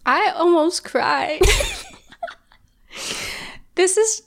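A woman's voice: extremely high pitch, lively intonation, very slow, gravelly. A young woman co-hosting a podcast, chatting casually and rambling with lots of fillers. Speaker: podcast co-host. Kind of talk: casual chat.

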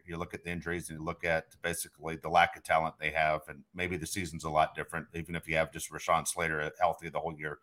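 A man co-hosting a sports podcast, talking in a frustrated, emphatic way. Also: extremely low pitch. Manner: frustrated, emphatic, laughs loudly. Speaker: podcast host. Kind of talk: casual sports talk.

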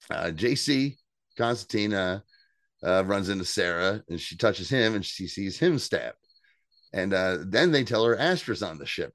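A man co-hosts a podcast and recaps an episode in casual, animated chat, swearing freely and jumping up in pitch to act out quotes. His voice sits on the low side and is recorded close and dry, with no room sound. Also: no echo. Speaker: podcast co-host.

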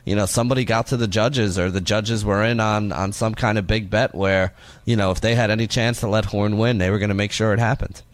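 Northeast guy on sports radio, kinda low voice, dry close mic, says like and you know a lot. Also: steady tone, brisk, dry recording. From northeastern United States. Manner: rambling, lots of "you know" and "like". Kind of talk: casual radio banter.

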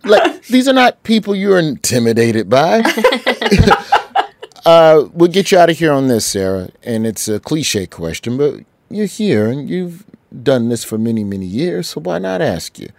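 A man hosting a podcast in casual chat, cracking quick jokes and steering his guests. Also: fairly high pitch, sing-song, vocal fry, darkish tone. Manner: jokey, quick asides, wraps up the show. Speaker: podcast host.

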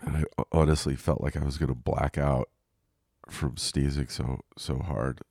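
A man's voice: rumbling low, fairly even intonation, normal speed, darkish tone, dry recording, studio quality. A man hosting a casual solo podcast, stuffy from a cold, rambling and swearing as he talks from his couch. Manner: rambling, profane, self-deprecating. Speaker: podcast host. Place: lying on his couch at home.

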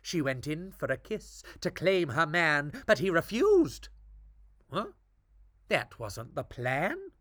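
A woman reading a rhyming fairy tale aloud with a lilting, expressive delivery. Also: low-pitched, takes it slowly, no echo, studio quality. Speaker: storyteller.

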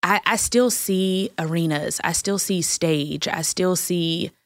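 A woman's voice: fairly low pitch, slow pace, no room sound, studio quality. A woman in her thirties, a guest in a casual faith chat, talking in an emotional and effusive way, tearful at times.

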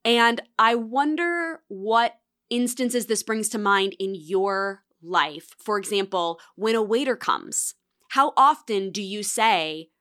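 A woman's voice: medium pitch, takes it slowly, fairly bright tone. A woman in her thirties hosting a casual solo podcast, chatty and reflective, often acting out voices as she tells stories. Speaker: podcast host.

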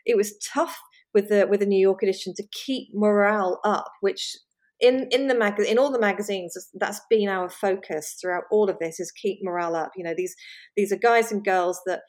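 A chatty woman speaks as an interview guest. Her voice sits at an ordinary middle pitch. She laughs often and trips over her own restarts. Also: normal speed, darkish tone. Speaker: magazine editor, guest. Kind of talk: conversational interview.

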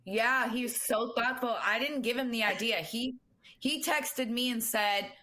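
A woman's voice: a little high, a little slow, bright, forceful tone. A woman co-hosting a podcast in casual chat, blunt and swearing casually. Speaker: podcast co-host.

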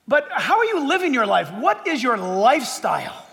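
A man's voice: extremely high pitch, wildly swooping pitch, a little fast, creaky, few pauses, bright, forceful tone, in a large hall. A middle-aged man preaching a sermon as pastor, conversational and joking with his congregation. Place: church sanctuary.

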